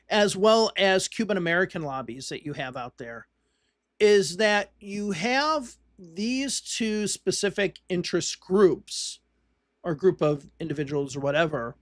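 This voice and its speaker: A man's voice: sits high, a bit bright, dry recording, clean studio sound. A man hosting a livestream, casually commenting on election results and thinking aloud with frequent restarts. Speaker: livestream host.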